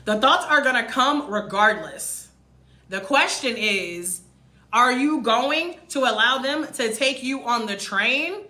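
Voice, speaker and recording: Emphatic, bright-voiced woman vlogger. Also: a little high, lively intonation, slow pace, roomy sound. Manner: emphatic, repeats lines, addresses viewers as y'all. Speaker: vlogger livestreaming to followers. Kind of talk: motivational live-stream talk. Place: room in Mexico.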